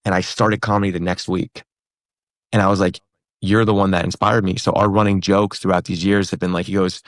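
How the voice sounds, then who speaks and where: A comedian in his thirties telling a story in a casual interview, animated, acting out the other people in it. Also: sits low, brisk, dry recording, clean studio sound. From New York and Pennsylvania. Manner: animated, acts out quoted voices. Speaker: comedian guest.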